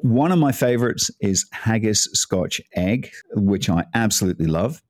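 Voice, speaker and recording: A Scottish cooking presenter gives a casual, chatty talk about food, wandering off into asides and laughing along the way. His voice sits on the low side with lively intonation at a normal speed. The recording is dry, with clean studio sound.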